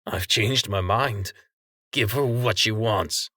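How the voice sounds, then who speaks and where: A man's voice: lowish voice, slow, sharp tone, no room sound, studio quality, full character voice. Man doing an old jeering enemy leader. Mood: taunting. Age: older. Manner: taunting, jeering.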